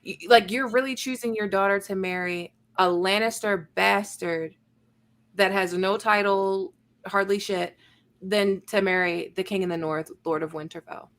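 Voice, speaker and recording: A woman's voice: mid-range voice, fairly even intonation, normal speed, a bit bright. A woman co-host in a casual chat. Her voice sits in a middle range, and she talks bluntly with casual swearing. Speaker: podcast co-host.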